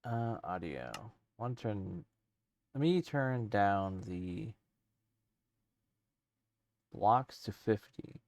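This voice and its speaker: A man's voice: fairly low pitch, very animated, extremely slow, long pauses, a little mellow. A man streaming a let's play, rambling casually as he thinks aloud with lots of fillers. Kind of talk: casual let's-play commentary while gaming.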